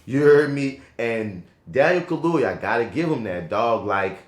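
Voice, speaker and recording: A man co-hosting a casual film review podcast, talking in an animated, slangy and profane way that swings between loud and soft. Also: mid-range voice, measured pace. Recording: echoey room.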